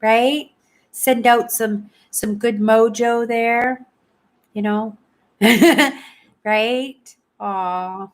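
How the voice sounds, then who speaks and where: A woman's voice: a little high, fairly even intonation, drawn-out words. A woman in her sixties from Canada, hosting a casual livestream and chatting with viewers in a rambling way, often adding "right?" to what she says. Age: 60s. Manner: chatty, rambling, tags "right?" after most sentences. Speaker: livestream host. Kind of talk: casual chat with live viewers.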